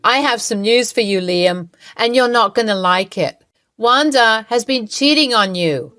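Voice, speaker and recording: Brief: narrator doing a gloating older mother-in-law, smug and accusing, slow storybook read. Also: a little high, expressive, fairly bright tone, no echo, clean studio sound.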